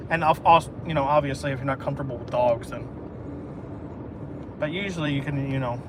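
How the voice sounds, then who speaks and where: A man's voice: mid-range voice, fairly quick. A man who works as a delivery driver, talking casually to the camera while he drives and rambling as he thinks aloud. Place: in a car on rural roads. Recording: car recording with road noise.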